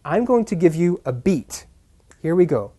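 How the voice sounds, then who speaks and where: A man teaches English pronunciation in a scripted lesson, speaking deliberately and stressing key syllables. His voice is a little high and warm, with big pitch swings.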